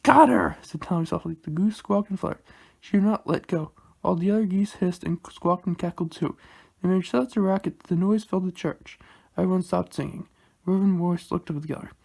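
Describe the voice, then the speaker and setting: A man reading a children's storybook aloud in a plain, unhurried manner, halting now and then. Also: high-pitched, fairly even intonation, gravelly, mellow. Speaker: reader.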